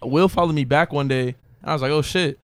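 A man's voice: on the high side, fast, dry recording. A young man casually recounting how he met his friends, laid-back and rambling. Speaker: contestant. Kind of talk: casual chat.

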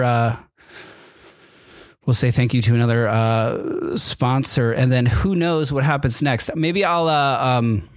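A man's voice: medium pitch, no room sound, clean studio sound. A man hosting a podcast, telling a personal story in a rambling, casual way with many fillers and restarts. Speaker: podcast host. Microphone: microphone with camera.

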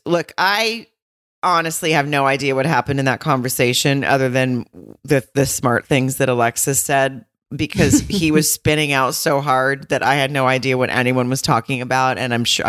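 A woman's voice: normal speed, a bit bright, clean tone, no room sound, studio quality. A woman co-hosting a podcast in casual chat, talking with fillers and now and then mimicking other people. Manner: chatty, hesitant with fillers, mimics others in high squeaks. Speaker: podcast co-host.

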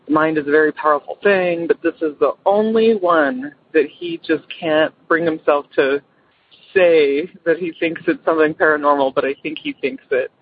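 A woman with a low, slightly breathy voice calls to tell a friend's ghost story, chatty and rambling, using fillers and quoting the people in it. The audio comes through a phone line.

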